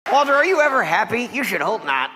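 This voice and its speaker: A man's voice: high voice, big pitch swings, quick pace, in a large hall. A middle-aged man doing sardonic stand-up comedy on a live stage. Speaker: ventriloquist comedian. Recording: live stage, loud crowd and noise.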